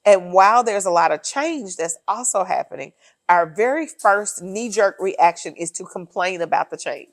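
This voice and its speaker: A woman's voice: mid-range voice, expressive, moderate pace, dry recording. A woman co-hosting a casual political chat, emphatic and sardonic as she lays out her points one by one. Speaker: podcast co-host.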